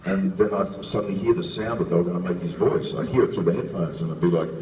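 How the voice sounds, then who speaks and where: A man's voice: low voice, fast, dark tone. A man on a convention panel telling a rambling, enthusiastic story about his voice work. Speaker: panelist, voice actor. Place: convention hall. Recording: echoey hall from far off.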